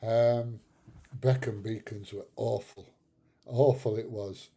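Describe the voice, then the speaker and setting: A man's voice: on the low side, steady tone, slow pace, dark tone, breathy edge. A middle-aged man hosting a casual livestream, chatting to viewers and laughing at his own stories, with the odd bit of swearing. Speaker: livestream host. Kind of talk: casual chat with live viewers.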